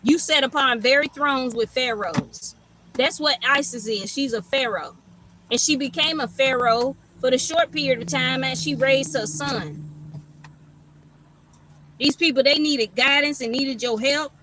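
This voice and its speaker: Lady rambling on a reading stream, cussing a lot, high bright voice. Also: a little slow, a little hiss or hum, rough recording. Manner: loose, profane, rambling storytelling with laughs. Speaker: tarot reader. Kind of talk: casual livestream reading.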